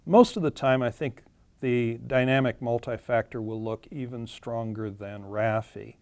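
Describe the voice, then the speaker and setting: A man's voice: medium pitch, steady tone, measured pace, a little mellow, dry recording. A man explaining charts in a webinar, plainly and with some fillers and self-corrections. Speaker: webinar presenter. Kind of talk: webinar presentation walking through charts.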